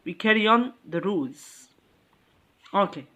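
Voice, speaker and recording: A woman teaching an English lesson in English, talking slowly, repeating words and checking understanding again and again. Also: mid-range voice, lively intonation, sharp tone, muffled recording. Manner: slow, repetitive, checks understanding with "okay?"; non-native English phrasing. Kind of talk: classroom lesson.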